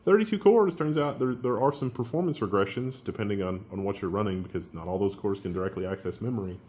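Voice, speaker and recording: A man's voice: on the low side, quick pace, darkish tone. A man co-hosting a tech news show who explains hardware details in a casual chat.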